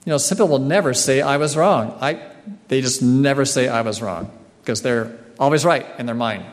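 A man giving a sermon in a slow, earnest way, often clearing his throat. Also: medium pitch. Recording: long hall reverb.

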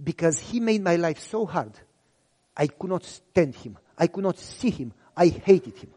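High, animated male preacher in a hall. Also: measured pace. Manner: animated, deadpan humor. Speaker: pastor. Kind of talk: storytelling sermon.

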